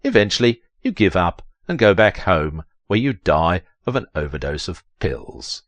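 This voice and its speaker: Guy reading a text adventure out loud, low voice, swoops up and down a lot, real dramatic. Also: big pitch swings, moderate pace, no echo. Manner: theatrical, leaps to high strained pitch on quoted lines. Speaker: voiceover narrator.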